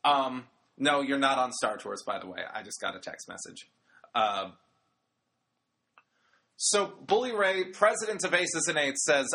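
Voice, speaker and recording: A man's voice: mid-range voice, expressive, unhurried, pauses often, pushed and bright. A man hosting an audio recap of a wrestling show, talking in a casual, rambling way with jokey asides. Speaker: wrestling podcast host.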